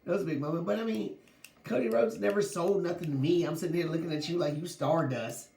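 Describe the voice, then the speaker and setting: A man's voice: fairly high pitch, quick pace, vocal fry, darkish tone, reverberant. A man hosting a sports podcast, talking casually with lots of slang and laughing as he goes. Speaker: podcast host.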